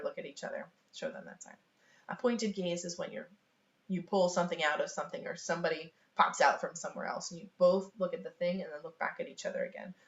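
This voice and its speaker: Chatty woman teaching from a webcam. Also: lowish voice. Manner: chatty, many fillers and small laughs. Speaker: sign language teacher. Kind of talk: casual online teaching. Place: home room. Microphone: webcam on a video call. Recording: echoey, dull home webcam recording.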